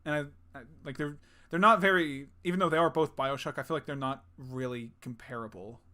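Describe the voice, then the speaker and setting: In a medium-pitched, pushed, bright voice, a gaming podcast co-host talks fairly quickly. He rambles casually, stuffs his speech with fillers, and trades crude, jokey banter.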